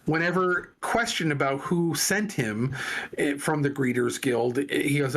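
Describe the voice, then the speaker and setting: A man's voice: a little high, a little slow, a bit bright. A man on a casual talk show, telling a long story with many restarts and fillers. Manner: rambling storyteller with frequent restarts. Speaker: podcast co-host. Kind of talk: casual chat.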